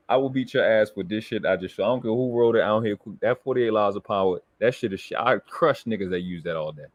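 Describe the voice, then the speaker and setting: A man's voice: fairly low pitch, no echo. Boastful, profane man on a live stream. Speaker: co-host. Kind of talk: casual live-stream chat.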